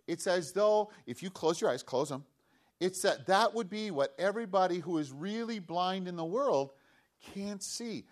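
A man gives a children's sermon in a slightly high voice. He tells the story in a lively, swooping way and often stops to ask the young listeners questions. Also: normal speed. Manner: animated, asks children questions, acts out voices. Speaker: pastor giving a children's message.

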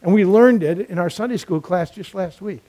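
A man's voice: sits high, moderate pace, mellow. A man doing a sweet little girl. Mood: earnest. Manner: earnest, matter-of-fact. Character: a small girl, sweet and sure of her faith.

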